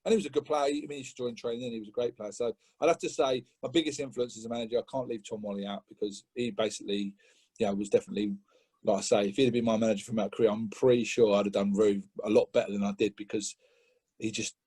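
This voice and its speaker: Husky man telling a lively football story. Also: fast talker. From England. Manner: animated, laughing, acts out quotes with rising pitch. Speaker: podcast guest. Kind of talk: casual storytelling chat.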